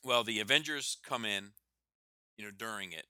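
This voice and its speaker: A man's voice: on the low side, moderate pace, no room sound, clean studio sound. A man in casual chat, animatedly retelling a comic book scene, laughing and swearing as he goes. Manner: animated storyteller, reads out lines with laughs and swearing.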